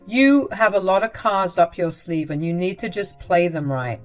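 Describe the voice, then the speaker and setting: A woman's voice: on the low side, moderate pace, faint music behind, natural voice. A woman voicing a sympathetic older father-in-law who speaks in a firm, reassuring way.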